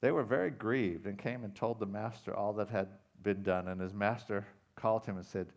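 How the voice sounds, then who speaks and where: A man preaching a sermon as pastor, retelling a parable with dramatic emphasis that swings from loud to quiet. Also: lowish voice, fairly even intonation, brisk, hardly any pauses. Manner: dramatic storytelling, loud rising emphasis then quiet intensity.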